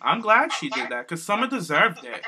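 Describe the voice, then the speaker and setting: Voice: normal speed, crowd noise. A podcast co-host in casual group chat, swearing freely and acting out scenes. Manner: animated, swears, acts out scenes in a high voice.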